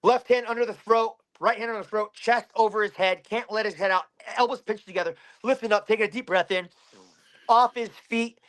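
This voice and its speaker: In an interview, this Pennsylvania bare-knuckle fighter recounts a story with a lot of energy, cursing nonstop. His pitch is high and his delivery brisk.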